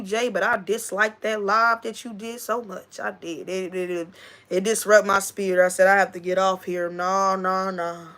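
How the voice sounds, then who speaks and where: Forceful and bright, a mid-range female voice drives this casual livestream, with the host hammering her points home by repeating them. She also talks straight to a friend.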